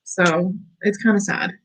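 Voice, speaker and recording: A woman hosting a work-along stream from her desk at home, chatting casually and cheerfully to viewers with little squeals of excitement. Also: medium pitch, takes it slowly, slightly rough, poor audio.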